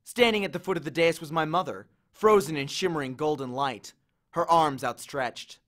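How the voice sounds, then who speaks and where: A man narrating a novel in the first person in a measured, expressive storytelling manner. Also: a little high. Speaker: audiobook reader.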